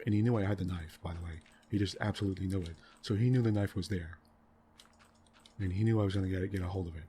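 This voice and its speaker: Low-voiced man ranting softly about a game. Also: fairly even intonation, fast talker, slight background noise. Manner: rambling, exasperated ranting about a game plot; frequent tag questions and fillers. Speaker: gaming channel host. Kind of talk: soft-spoken gaming commentary.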